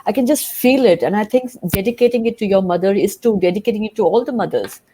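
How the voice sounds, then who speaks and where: A woman's voice: medium pitch, quick pace, rough recording. Effusive, emotional woman host. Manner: warm, emotional, effusive in praise. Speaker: interview host. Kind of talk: emotional interview.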